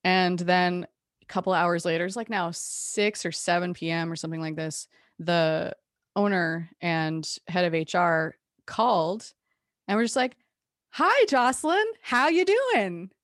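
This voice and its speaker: Frank, lower-voiced woman telling her story. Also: measured pace, dry recording, clean studio sound. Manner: frank and animated, with restarts and occasional swearing. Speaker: guest. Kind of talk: candid personal storytelling.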